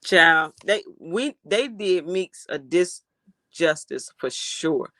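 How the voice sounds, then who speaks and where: A livestream host reacting to a case and reading out chat comments, animated and outraged, swearing freely. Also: mid-range voice, slow, no room sound.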